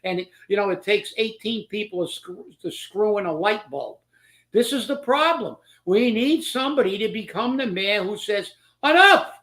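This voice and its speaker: A man's voice: high-pitched, animated, moderate pace, fairly bright tone. A man hosting a political commentary show, talking in a sarcastic, mocking way and laughing as he makes his points.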